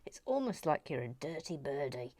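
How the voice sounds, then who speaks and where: A woman hosting a relaxed Lego building video, chatting casually and muttering softly to herself with self-mocking asides. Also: low voice, normal speed, no echo. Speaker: host building a Lego model. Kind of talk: casual chat while building.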